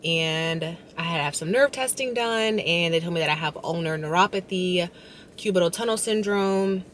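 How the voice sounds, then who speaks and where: A woman's voice: fairly low pitch, moderate pace. A woman chatting casually to her vlog viewers while out in her car, talking to a phone camera. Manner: chatty, animated, frustrated storytelling. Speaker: vlogger. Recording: loud road and car noise. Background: car and traffic noise.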